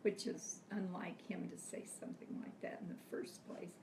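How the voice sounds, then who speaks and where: An older woman, a grandmother, gently telling family stories with soft laughs, her voice close to tears. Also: fairly low pitch, flat delivery, normal speed. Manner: gentle, reflective storytelling with frequent soft laughs. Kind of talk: personal storytelling. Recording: echoey room, mic far off, faint background hiss.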